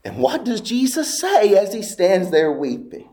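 A man preaching a sermon, telling a story slowly and dramatically, with long pauses and hushed, almost whispered moments. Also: sits high, huge pitch swings. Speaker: pastor.

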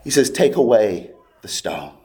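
A man preaching a sermon, telling a story slowly and dramatically, with long pauses and hushed, almost whispered moments. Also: fairly low pitch, sing-song. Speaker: pastor.

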